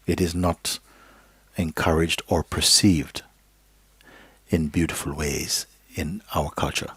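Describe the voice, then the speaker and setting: At a live gathering hall, a man with a very low, husky voice gives a spiritual teaching to an audience. He speaks slowly and gently with a steady tone, sometimes drifting into a soft whisper, and checks in with "okay?" and "you see?". The recording is dry and close, with little room around it.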